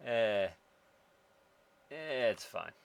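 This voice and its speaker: A man's voice: low voice, vocal fry. A man giving casual commentary while playing a strategy game, muttering to himself wryly with sudden exasperated outbursts. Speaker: strategy game let's-player. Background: game music.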